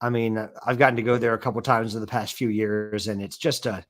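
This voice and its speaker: A man's voice: fairly low pitch, flat delivery, fairly quick. A man co-hosting a casual sports stream, explaining at length with many "I mean" and "you know" fillers. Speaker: co-host.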